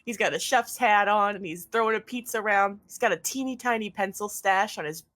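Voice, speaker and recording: Bright-voiced woman game master. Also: medium pitch, a little fast, no echo. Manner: giggly, animated narration. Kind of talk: narrating a tabletop game.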